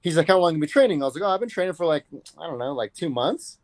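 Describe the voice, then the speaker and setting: A man's voice: on the high side, very animated, racing, no room sound. A man in his thirties telling a story casually in an interview, loose and profane, acting out what people said. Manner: loose, profane, acts out quotes. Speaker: fighter being interviewed.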